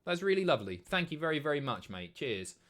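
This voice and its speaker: A man in his thirties chats casually while hosting a livestream. His voice is lively and bouncy in pitch, and his talk is blunt, sweary and sardonic. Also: fast talker. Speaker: livestream host. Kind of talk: casual stream chat.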